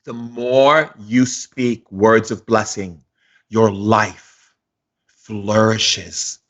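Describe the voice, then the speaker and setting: A man's voice: fairly low pitch, fairly even intonation, extremely slow, a bit bright. A man giving a motivational spiritual talk as a shamanic teacher, emphatic and repetitive like a preacher, openly emotional. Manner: emotional, effusive.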